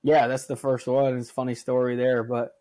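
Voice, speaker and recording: A young man co-hosting a podcast, chatting casually and telling animated stories, acting out quoted lines and swearing now and then. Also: medium pitch, a little fast. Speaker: podcast co-host.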